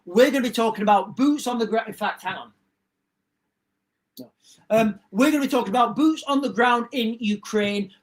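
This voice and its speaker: A man's voice: extremely high pitch, moderate pace. Rambling man ranting on stream. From England. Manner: rambling, repeats himself, self-interrupting. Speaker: live streamer. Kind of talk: casual livestream rant.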